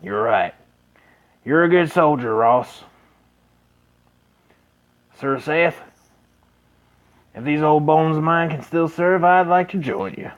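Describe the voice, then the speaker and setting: A man voicing a grave older father who gave up soldiering, in a lowered, solemn voice. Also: takes it slowly, pauses often, low-quality recording. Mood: proud.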